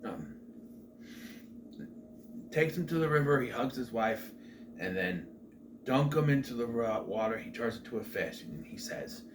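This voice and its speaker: A man's voice: mid-range voice, animated, a little slow, long pauses. A middle-aged man casually recapping a film as a show host, rambling with chatty asides and restarts. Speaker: movie review host. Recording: faint background noise.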